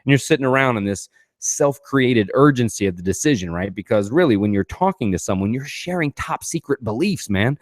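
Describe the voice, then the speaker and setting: A man hosts a podcast in a casual motivational style, discussing ideas from his own book emphatically, swearing freely and posing rhetorical questions. His medium-pitched voice is expressive and a little fast with few pauses, recorded dry at studio quality.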